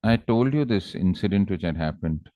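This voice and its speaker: A male teacher with an Indian English accent gives exam advice to students in a calm, coaxing way and acts out the characters in his stories. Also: sits low, moderate pace, dry recording. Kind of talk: exam-prep lecture with storytelling.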